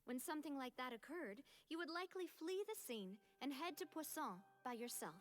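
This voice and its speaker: Navia, a poised young guild leader. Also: female voice, sits high, a little fast, faint music behind. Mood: assured. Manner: calm, explanatory and assured. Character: confident young female gang leader, poised and shrewd. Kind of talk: game cutscene voice acting.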